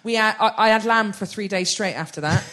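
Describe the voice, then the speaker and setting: A woman in her thirties with a Bristol accent, a guest comedian on a live podcast, brash, loud and sweary with a playful edge. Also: medium pitch, brisk. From Bristol, England. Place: live venue stage with an audience.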